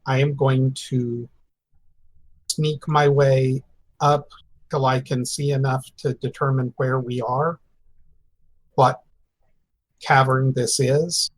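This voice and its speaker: A man playing a rogue in a tabletop game, laying out his plans slowly and deliberately. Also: mid-range voice, level tone, rough recording. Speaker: player.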